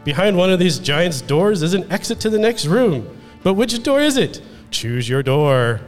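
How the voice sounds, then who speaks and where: A man's voice: high-pitched, sing-song, normal speed, soft background music, pitched above the performer's own voice. A man putting on a theatrical game-show announcer, in a reverberant hall. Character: showy male game-show announcer of a deadly door trap. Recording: long reverb of a convention hall.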